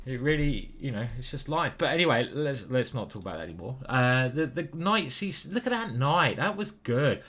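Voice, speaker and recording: A man commentating on his own online chess game as he plays, muttering to himself, swearing and getting excited. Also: medium pitch. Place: small stuffy room.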